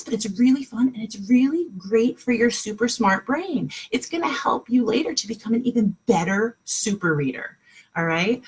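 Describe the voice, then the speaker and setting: A woman teaching a kindergarten class online from home, speaking slowly and clearly in a sing-song, encouraging way for small children. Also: fairly high pitch.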